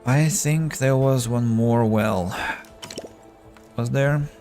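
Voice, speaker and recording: A man streaming a game, thinking aloud in halting casual commentary, his voice tired and fading. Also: mid-range voice, dark tone, faint music behind. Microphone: earbuds.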